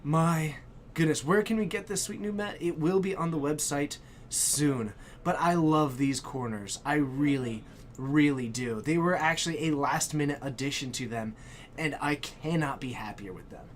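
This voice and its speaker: A man's voice: fairly high pitch, normal speed, a little hiss or hum. Hyped man hosting a live stream. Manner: hyped, exclamatory, shouts in bursts. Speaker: stream host. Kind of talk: excited live-stream chat.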